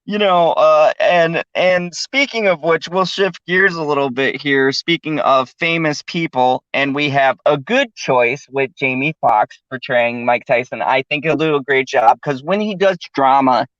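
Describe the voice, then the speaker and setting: A man's voice: on the high side, measured pace, hardly any pauses, a bit bright, dry recording. Laughing, profane male podcast host. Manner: laughs often, loose and profane. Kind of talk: casual podcast chat. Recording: dull, dry lo-fi recording.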